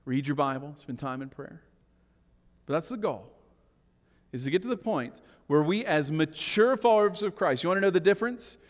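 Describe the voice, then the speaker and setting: A middle-aged man preaching a sermon as a pastor, moving between hushed, intimate lines and emphatic, raised declarations, often checking in with the congregation. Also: on the high side, animated, moderate pace. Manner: swings between hushed asides and emphatic raised lines, keeps asking "right?". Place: church sanctuary. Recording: long church reverb.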